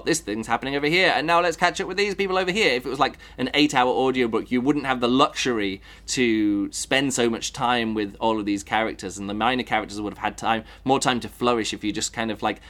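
A man chats through a book review, rambling as he thinks aloud. He keeps circling back with fillers and false starts, and his voice sits at a middling pitch for a man. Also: fairly bright tone. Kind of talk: casual spoken book review.

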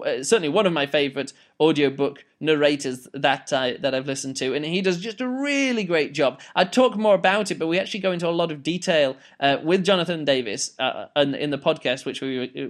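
Podcast guy rambling thru a book review, kinda high voice, lots of ums and restarts. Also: a bit bright. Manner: rambling, many fillers and restarts. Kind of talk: casual spoken review.

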